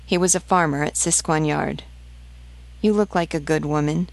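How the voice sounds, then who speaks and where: A woman's voice: sits low, normal speed, gravelly, no room sound. A woman reading the part of a desperate peasant mother hunting for her stolen children, pleading and insistent.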